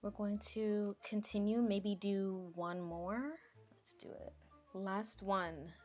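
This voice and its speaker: A woman's voice: mid-range voice, level tone, takes it slowly, darkish tone, faint music behind. A woman vlogger chatting casually and reading an online story aloud, with playful asides.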